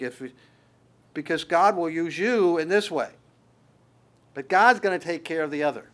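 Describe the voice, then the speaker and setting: A male pastor delivering a sermon in a conversational yet emphatic way. He repeats and restarts his phrases as he goes, and his voice sits a little high for a man. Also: lively intonation, normal speed, long pauses, fairly bright tone.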